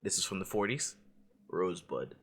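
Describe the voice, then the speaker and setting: A man's voice: low voice, expressive, normal speed, fairly bright tone, slightly rough. A man co-hosting a casual chat, playfully quizzing his friend on movie quotes and laughing often. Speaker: podcast co-host.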